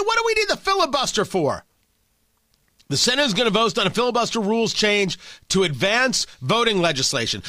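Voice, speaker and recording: Combative male host, high lively voice, bright tone, dry close sound, sarcastic commentary. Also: no room sound. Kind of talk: political commentary monologue.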